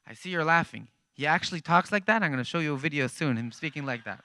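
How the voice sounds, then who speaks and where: A man giving a church talk as animated, conversational storytelling. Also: on the high side, fast talker, few pauses, no echo. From Israel. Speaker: guest speaker. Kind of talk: storytelling testimony.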